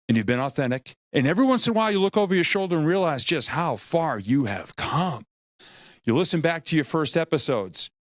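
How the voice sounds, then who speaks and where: A middle-aged man giving a humorous, energetic motivational talk, acting out quotes as he tells stories. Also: medium pitch, dry recording, clean studio sound. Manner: energetic, animated storytelling with acted-out quotes; humorous, self-deprecating. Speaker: motivational speaker.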